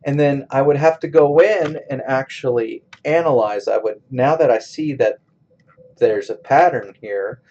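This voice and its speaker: A man walks through a college English lesson in a screencast recording, taking it slow and methodical, one step at a time. He speaks at a medium pitch with a slightly mellow quality, and the recording is muffled.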